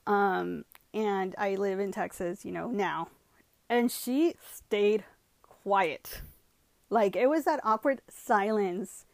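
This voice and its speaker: A woman with a mid-range voice speaks slowly with vocal fry, in a dry recording. She's a vlogger telling a personal story in a casual vlog, switching between English and Spanish and filling her talk with "you know" and "like."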